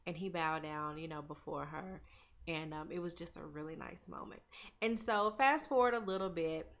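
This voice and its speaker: A young woman recaps a TV episode in a chatty, opinionated way, calling her viewers "girl" and "y'all" as if they were friends. Her voice sits on the low side for a woman. The recording sounds dull and lo-fi. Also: moderate pace. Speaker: TV recap vlogger.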